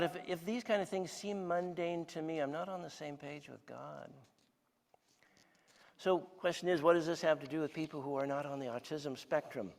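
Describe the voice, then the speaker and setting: A man in his sixties, his voice a little high, preaches as a guest in a church hall, and the sound has a big-room quality. He keeps the sermon conversational, telling stories and asking the audience questions.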